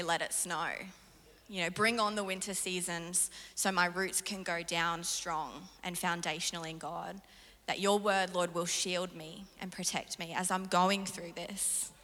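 Bright-voiced woman preaching in a hall. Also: fairly low pitch. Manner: earnest, animated storytelling with laughs. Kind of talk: sermon. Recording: reverberant hall.

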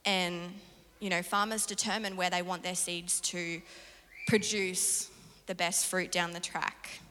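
Bright-voiced woman preaching in a hall. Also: on the low side, a little slow, a little hiss or hum. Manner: earnest, animated storytelling with laughs. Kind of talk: sermon. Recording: reverberant hall.

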